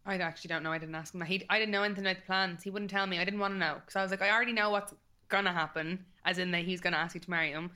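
Fast-talking bright Irish woman. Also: lowish voice, fairly even intonation. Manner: rapid chatty storytelling with swearing. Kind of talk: casual chat.

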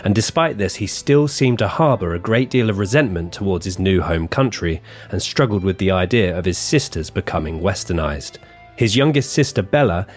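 A man co-hosting a true-crime podcast, reading his script with offhand asides and banter. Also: deep voice. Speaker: podcast co-host.

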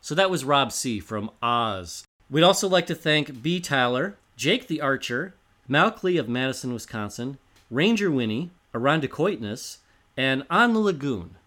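A man co-hosting a relaxed history podcast, with a voice of ordinary middle pitch. He explains history plainly and runs through announcements and thank-yous. The recording was made in a bar. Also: normal speed. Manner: explanatory, reads out announcements and shout-outs. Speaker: podcast host. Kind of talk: casual history podcast chat.

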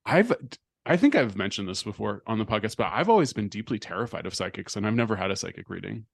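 A man's voice: on the low side, expressive, fast talker, gravelly, slightly rough, dry recording. Man, podcast co-host, wry questioner, dry close sound. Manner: wry, asks questions, jokes. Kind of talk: casual chat.

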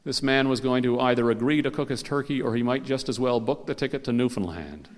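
A man telling a comic story live on a concert stage, animated and playful and acting out the characters. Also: medium pitch, a little fast. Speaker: storyteller and radio host. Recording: live concert recording with hall reverb.

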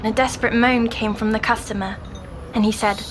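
An actress playing a haunted young woman patient in an audio drama, recounting a nightmare in a hushed, halting, often whispered voice. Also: fairly high pitch, steady tone, natural voice. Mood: urgent recall. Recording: noisy background hum.

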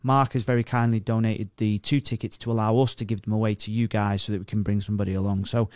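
A man's voice: on the low side, level tone, quick pace, a little mellow, dry recording, studio quality. A man co-hosting a podcast, blunt and teasing, swearing often. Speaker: podcast co-host. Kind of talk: casual banter.

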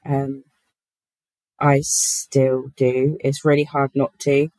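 Guest spot: low-pitched woman, chatty and giggly, dry close-mic sound. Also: little pitch movement, slow, a little mellow, no room sound, poor audio. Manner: giggly, chatty, many fillers. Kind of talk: casual podcast chat.

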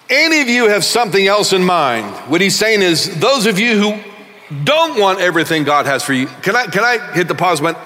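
A middle-aged male pastor preaching a sermon emphatically, swinging between loud bursts and quiet asides in a large church hall. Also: sits high.

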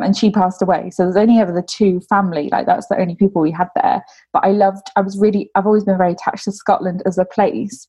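A woman's voice: on the low side, dark tone. A young woman talking casually about her family, rambling with lots of "like" fillers. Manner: rambling, heavy use of "like" fillers. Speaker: interviewee. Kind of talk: casual conversation.

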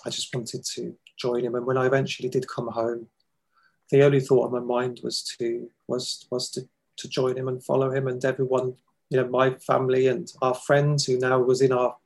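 A man gives earnest, halting testimony in an interview. His voice is gravelly and husky, with very little rise and fall in pitch. He pauses often as he searches for words. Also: little pitch movement, poor audio. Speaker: guest, foundation founder.

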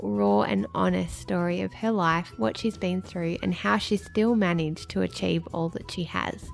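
Female podcast host, slight lisp, low gravelly voice, chatty. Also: steady tone, measured pace, hardly any pauses, soft background music. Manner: chatty, self-mocking. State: recovering from dental surgery. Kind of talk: casual podcast intro and chat.

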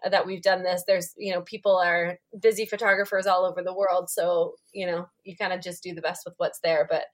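A woman's voice: fairly low pitch, little pitch movement, brisk. Friendly Canadian woman hosting a podcast. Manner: friendly, reassuring, laughs easily. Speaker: podcast host. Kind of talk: casual interview.

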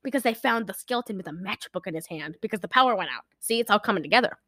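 A woman's voice: medium pitch, expressive, very fast, fairly bright tone, no room sound, clean studio sound. A woman co-hosting a casual movie recap, rambling, giggling and acting out lines from the film. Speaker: podcast co-host recapping a movie. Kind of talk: casual chat.

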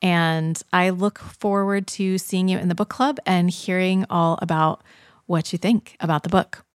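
A woman's voice: fairly low pitch, a little slow, clear, resonant tone, no room sound, studio quality. Effusive woman podcast host. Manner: enthusiastic, effusive. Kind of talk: podcast interview.

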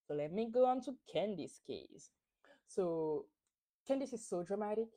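A podcast host recaps a reality show in a woman's mid-range, animated voice with a dark tone and moderate pace. She's chatty, gossipy and opinionated, filling her talk with lots of fillers.

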